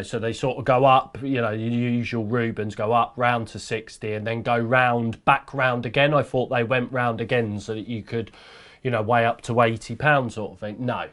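A man, a podcast guest telling a rambling, casual story, full of slang and mild swearing and poking fun at himself. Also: mid-range voice. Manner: rambling, swears mildly, slangy, self-mocking.

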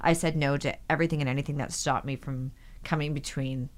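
A woman's voice: rumbling low, brisk. A woman in her forties, an actress, telling her career stories in a casual interview and acting out the voices of people she quotes. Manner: animated anecdotes, acts out quoted voices. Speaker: actress, podcast guest.

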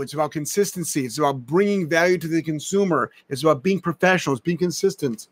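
A man's voice: fairly high pitch, lively intonation, fast, few pauses, a little hiss or hum. A middle-aged man, a dog trainer hosting a casual live-stream advice chat, talking bluntly and emphatically and ranting with profanity. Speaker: dog trainer and show host.

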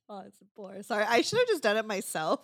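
A woman chatting casually on a podcast, laughing easily and leaning on "like" as she talks. Her pitch moves up and down a lot. The sound is close and dry. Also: no echo. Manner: laughs often, uses "like" a lot. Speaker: podcast co-host. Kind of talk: casual chat.

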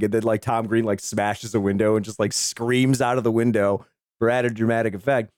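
Man, podcast co-host, casual film talk, excited, swears a lot, dry close sound. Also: mid-range voice, fairly quick, no room sound. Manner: excited, profane retelling of scenes.

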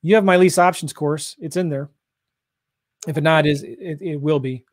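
A man from St. Louis coaching real estate investors on a livestream, pushing hard in an energetic sales style. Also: on the high side, moderate pace, dry recording, studio quality. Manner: pushy, energetic sales talk.

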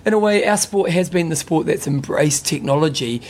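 Man, rapid talker, slightly high voice, teasing banter, faint hiss. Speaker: podcast co-host. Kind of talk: casual chat. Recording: faint background noise.

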